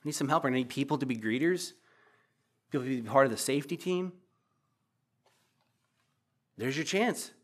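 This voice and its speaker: A man's voice: medium pitch, moderate pace, long pauses. A pastor preaching a sermon in an earnest, emotional way, repeating himself as he pleads with the congregation. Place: church.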